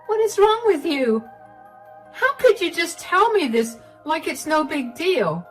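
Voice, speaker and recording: A frantic, wounded young wife pleading with her husband in a raised, strained voice, played by a woman narrating the story. Her pitch climbs well above an ordinary speaking voice. Faint music plays underneath. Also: lively intonation, a little slow. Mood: upset. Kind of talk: storytelling voice acting.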